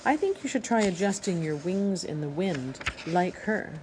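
A woman voicing a patient female robot mother, speaking in a measured, instructive way. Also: lowish voice, expressive, darkish tone, a little hiss or hum, natural voice, poor audio. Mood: calm.

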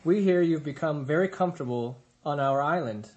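A man's voice: a little high, normal speed, a little mellow, highs cut off, natural voice. Man playing sarcastic bossy bear sister, mean, storybook.

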